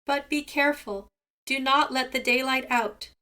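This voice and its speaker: A woman's voice: moderate pace, bright, forceful tone. A woman voicing a stingy male seagull who whines and squawks in pain, in a storybook read-aloud. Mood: urgent. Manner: whining, high squawking cries.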